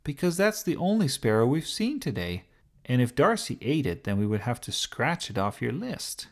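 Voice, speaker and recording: A man voicing an excited, curious young girl in a children's story, speaking in a raised, eager voice. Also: normal speed. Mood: earnest. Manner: eager, explaining, raised pitch. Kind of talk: storybook character voice.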